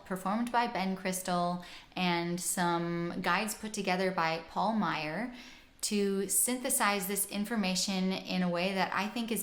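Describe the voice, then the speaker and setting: A woman teaching pronunciation, talking through lessons and modelling sounds with clear, exaggerated vowels. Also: mid-range voice, a bit bright. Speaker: singing teacher and host. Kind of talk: instructional lesson with spoken demonstrations. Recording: roomy echo.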